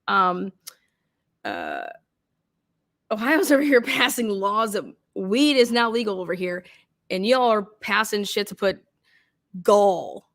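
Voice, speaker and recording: A woman hosting a true crime livestream, ranting casually and loudly with a lot of swearing. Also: medium pitch. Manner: rowdy, swearing, animated. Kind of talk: casual profane livestream rant.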